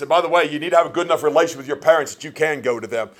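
A male preacher with a slightly high voice delivers a sermon in a folksy storytelling way. He drops into quiet, joking asides, then builds to loud, fervent emphasis. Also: rapid-fire.

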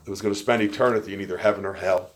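A man preaching a sermon, telling stories with folksy, joking asides and swinging between quiet remarks and loud emphasis. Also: on the low side, fairly even intonation, rapid-fire.

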